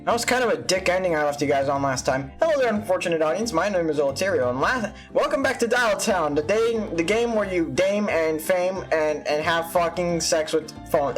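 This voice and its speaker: A let's-play host talking casually and crudely over gameplay, self-mocking and quick to laugh. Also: medium pitch, animated, faint music behind. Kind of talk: gaming commentary.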